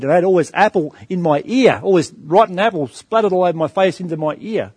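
High-voiced man preaching a sermon. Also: quick pace, few pauses, a little mellow, slightly rough, no echo. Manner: addresses listeners as friends, rhetorical questions; storytelling anecdote with varied pace.

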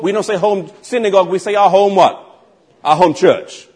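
A man's voice: sits high, a little fast, a little mellow, breathy edge. A man preaching a sermon, emphatic and asking the congregation rhetorical questions.

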